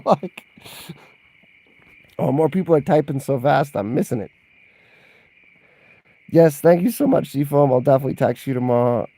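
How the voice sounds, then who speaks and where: Animated yet dark in tone, his slightly high voice moves at a moderate pace with long pauses and no echo. The man is a vlogger doing a loose livestream Q&A, rambling, laughing a lot, and replying to chat messages as they come in.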